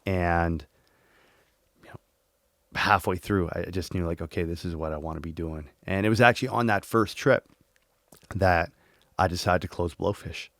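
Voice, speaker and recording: A man in his forties, a podcast guest, telling his story in a lively way and acting out his inner dialogue. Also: low-pitched, normal speed, long pauses, dry recording, studio quality. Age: 40s. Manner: animated, acts out inner dialogue, swears casually.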